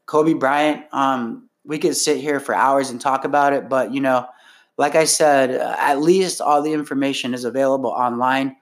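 A man hosting a casual chat, telling stories in a rambling way with many restarts. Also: mid-range voice. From Los Angeles area. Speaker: podcast host.

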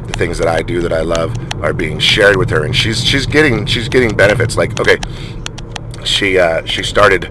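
A man's voice: low voice, noisy background. A middle-aged man telling a personal story in a rambling vlog monologue, full of restarts and fillers. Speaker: vlogger.

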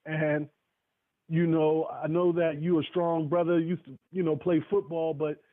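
A man's voice: fairly high pitch, little pitch movement, measured pace, no room sound. Emotional man on a tinny phone line. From North Carolina. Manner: emotional, preacherly, many restarts. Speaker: guest speaker. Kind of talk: heartfelt storytelling on a call-in broadcast.

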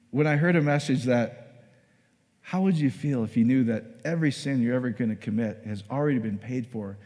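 A man preaching a sermon in a conversational, storytelling way, acting out little scenes as he goes. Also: fairly high pitch. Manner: conversational, animated storytelling with acted-out asides. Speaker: pastor. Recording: echoey hall.

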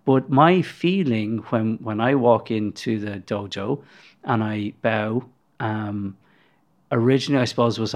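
A man's voice: mid-range voice, measured pace. A man co-hosting a casual podcast, asking questions hesitantly and restarting often as he searches for words. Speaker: podcast co-host.

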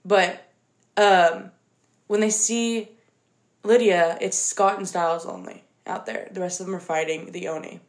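Young woman telling a story all excited, lots of likes and ums, roomy echo. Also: on the low side, measured pace. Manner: animated retelling, lots of fillers. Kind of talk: casual chat.

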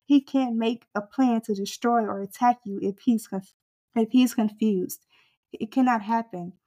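A woman's voice: a little high, measured pace, warm tone. Fervent woman preaching in rhythmic refrains. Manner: rhythmic, repetitive exhortation; fervent, building intensity. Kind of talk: sermon.

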